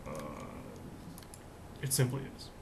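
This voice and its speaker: A man's voice: very deep voice, very animated, slow, noisy background. A young man in his twenties hosting a comedic vlog, talking in a rambling, jokey, self-mocking way. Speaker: host.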